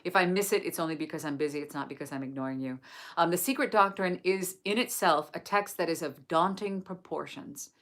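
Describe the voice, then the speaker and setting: A low-voiced woman from England leads a live book study. She reads aloud slowly, then chats with viewers in a soft, effusive way. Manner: gentle, effusive, greets viewers warmly. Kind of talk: reading scripture aloud, then live-stream chat.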